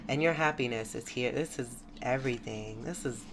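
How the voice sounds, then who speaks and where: A woman's voice: very deep voice, normal speed, background noise. A woman giving a spiritual tarot reading to her viewers, effusive, exclamatory and encouraging. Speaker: tarot reader. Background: music.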